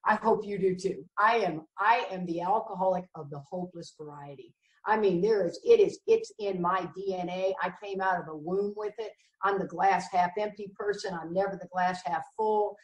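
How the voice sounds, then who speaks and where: A woman's voice: on the low side, normal speed, recorded from a distance. A middle-aged woman giving a candid recovery talk in a blunt, emphatic way with wry jokes. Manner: emphatic, blunt and wryly joking. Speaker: recovery meeting speaker. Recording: echoey room, voice from the mic.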